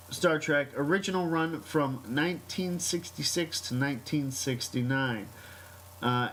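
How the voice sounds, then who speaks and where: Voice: medium pitch, fairly bright tone, a little hiss or hum, rough recording. A podcast host in casual chat, reading a news item aloud with many hesitations, then telling a story. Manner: hesitant, many ums and uhs.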